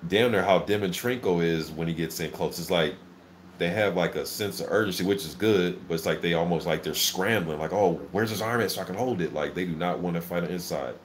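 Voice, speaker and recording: A man hosting a casual live boxing reaction, calling the action play-by-play in an excitable, filler-heavy way. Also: deep voice, brisk, slight background noise. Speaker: boxing channel host. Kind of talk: live fight commentary reaction.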